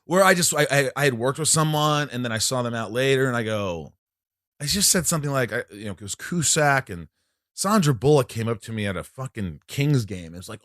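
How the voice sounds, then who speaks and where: A man's voice: mid-range voice, brisk, dry recording, clean studio sound. A man telling long anecdotes in a casual chat, stammering, repeating himself and talking himself down. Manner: rambling, animated, self-deprecating, stammers and repeats.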